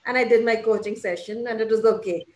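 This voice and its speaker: A woman life coach telling stories in a casual interview, acting out quoted voices with lively expression. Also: on the high side, quick pace, roomy sound. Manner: animated storytelling with quoted voices.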